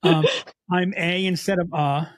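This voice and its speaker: A man co-hosting a casual podcast, with a slight Mid-Atlantic American accent, talking in an animated way with frequent restarts. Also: sits high, measured pace. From United States. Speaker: podcast co-host. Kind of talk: casual chat.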